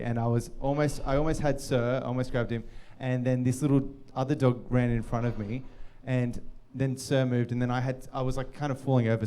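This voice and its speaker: A man on a live comedy panel, telling a sheepish anecdote and loudly acting out the people in it. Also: medium pitch, clear, resonant tone. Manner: sheepish anecdotes, loud mock quotes. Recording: live show with crowd.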